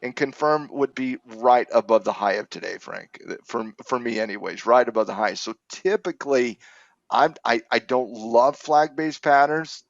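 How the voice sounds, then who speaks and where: A man in casual chart-analysis chat on a trading show, thoughtful and quick to laugh, often restarting his phrases. His voice sits mid-range and sounds slightly muffled, with no room echo. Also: mid-range voice. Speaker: trading coach co-host.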